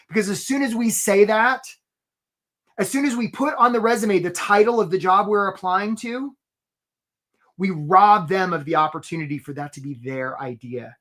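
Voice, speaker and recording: A man's voice: sits high, fairly bright tone. A man giving a motivational career coaching talk in a live webinar, often checking in with "right?". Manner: motivational, peppers lines with "right?".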